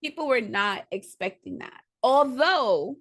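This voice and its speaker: A woman's voice: fairly high pitch, expressive, unhurried. A woman comic book writer telling rambling, profane stories on a video call, restarting often and acting out quotes. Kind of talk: excited casual storytelling.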